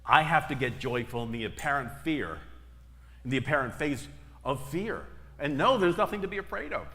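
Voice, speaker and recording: Speaking in a mid-range, slightly bright voice, this middle-aged preacher is animated yet keeps a moderate pace. His sermon unfolds as storytelling full of emphatic repetition, recorded in an echoing church hall.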